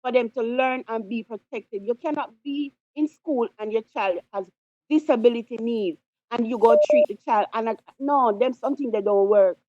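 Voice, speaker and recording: A woman's voice: on the high side, normal speed, warm tone. A woman calling in to a show, speaking passionately and indignantly because she is upset. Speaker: caller. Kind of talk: impassioned phone-in comments. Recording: dull lo-fi phone line.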